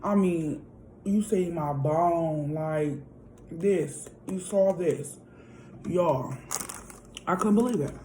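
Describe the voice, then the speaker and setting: A woman's voice: fairly low pitch, slow pace, long pauses, warm tone, a little hiss or hum, rough recording. A woman vlogger telling a story in a casual, chatty way, often calling out to her viewers directly. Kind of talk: casual storytime while eating.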